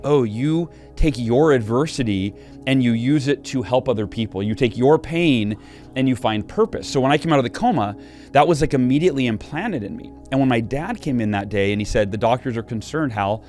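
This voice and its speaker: A middle-aged man, an interview guest, telling a personal story earnestly, with many restarts and quick shifts in pace. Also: medium pitch. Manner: earnest, animated retelling with frequent restarts. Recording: faint music behind the voice.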